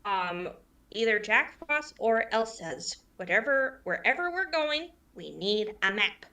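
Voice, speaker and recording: A woman's voice: medium pitch, big pitch swings, unhurried, sharp tone, far from the mic. A woman player in a tabletop game, speaking earnestly in character while planning. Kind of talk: tabletop role-play banter.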